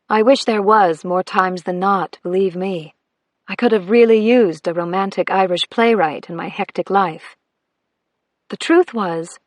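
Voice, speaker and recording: A woman's voice: medium pitch, dry recording, studio quality. Woman narrating a first-person audiobook.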